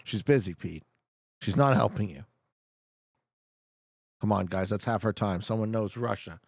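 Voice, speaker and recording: A man's voice: fairly low pitch, measured pace, vocal fry, a little mellow, no echo, clean studio sound. A young man streaming a geography guessing game, joking and talking back to his chat. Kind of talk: casual live gameplay commentary.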